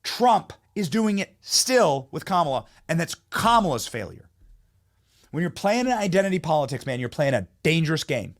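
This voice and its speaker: A man's voice: on the high side, big pitch swings, normal speed. A man hosting a political commentary show, talking in a heated, mocking, emphatic way. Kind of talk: opinionated commentary monologue.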